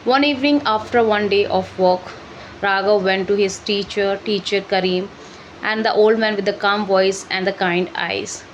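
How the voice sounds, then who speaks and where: A woman reading a story aloud for shadowing practice, halting and correcting herself as she goes. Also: mid-range voice, steady tone, lo-fi sound, slight background noise. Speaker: English learning channel host.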